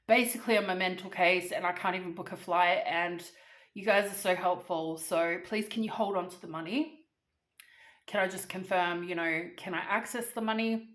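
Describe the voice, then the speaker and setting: A woman telling a story vlog-style in a chatty, animated, casually swearing way. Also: lowish voice, reverberant. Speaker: vlogger.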